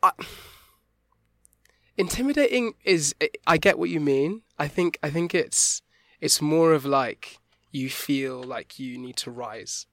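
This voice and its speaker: A young man, talking as an interview guest about stage work, rambling with many restarts and quick laughs. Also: on the high side, a bit bright, no echo, clean studio sound. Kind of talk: casual conversational interview.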